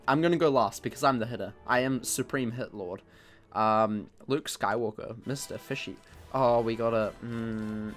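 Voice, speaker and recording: Over soft background music, a man with a mid-range, slightly bright voice plays a video game at normal speed for his gaming channel. He jokes casually, makes fun of himself, and calls out in reaction to the game.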